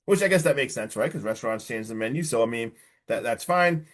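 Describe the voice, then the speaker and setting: A man hosting a podcast tells a horror film back in loose, animated storytelling. His pitch sits mid-range, and he packs in plenty of likes and you-knows as he goes. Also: fast. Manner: animated storytelling, heavy filler words. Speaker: podcast host. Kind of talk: casual movie recap.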